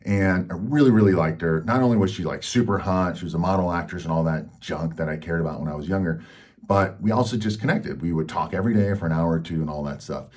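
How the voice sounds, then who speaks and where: Man, very low voice, candid, casual storytelling, rambling with fillers. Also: fast, darkish tone. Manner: frank, rambling, full of fillers. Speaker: health channel host.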